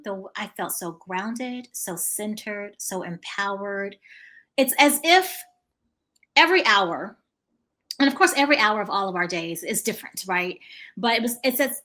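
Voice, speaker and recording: A woman hosting a podcast interview, telling stories in a lively way and acting out the dialogue. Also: medium pitch, normal speed. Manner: animated storytelling, acting out dialogue. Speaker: podcast host. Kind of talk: casual conversational interview.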